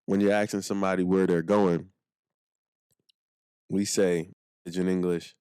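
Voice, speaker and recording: A man with a Nigerian accent teaching a casual language lesson, slowing down to say phrases for the listener to repeat. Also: low voice, flat delivery, mellow, clear, resonant tone, no echo, studio quality. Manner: slows down to model phrases for repeating.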